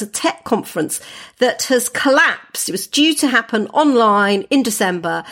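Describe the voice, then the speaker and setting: Relaxed woman on a podcast. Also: mid-range voice. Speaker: podcast co-host. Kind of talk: casual chat.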